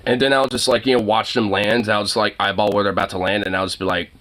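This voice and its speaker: A man with a slightly low voice talks casually to the camera about his dog. He is laid-back and profane and chuckles often between remarks. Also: level tone, quick pace, a bit bright. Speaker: vlogger filming his dog. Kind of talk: casual chat.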